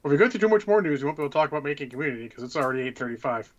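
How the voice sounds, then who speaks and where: A man's voice: fairly high pitch, animated, very fast, dull audio. A man co-hosting a casual podcast chat, blunt and full of profane rants. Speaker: podcast co-host.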